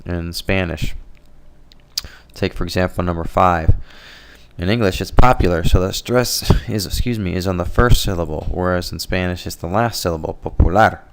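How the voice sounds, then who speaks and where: Low, gravelly man explaining a lesson. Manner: explanatory, relaxed, with fillers and self-corrections. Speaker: Spanish teacher. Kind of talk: slideshow language lesson.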